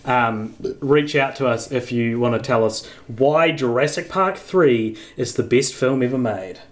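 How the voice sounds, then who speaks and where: A man with a New Zealand accent hosting a podcast, laid-back and quick to laugh in casual chat. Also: mid-range voice. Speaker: podcast host.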